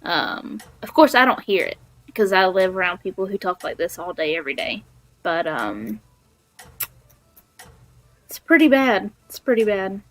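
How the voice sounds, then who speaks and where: A woman's voice: medium pitch, big pitch swings, moderate pace, long pauses, a bit bright, low-quality recording. A woman from Alabama with a Southern accent, chatting casually and teasing herself while she streams a game from her floor at home. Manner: chatty, self-deprecating. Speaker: livestreamer. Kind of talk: casual chat while gaming.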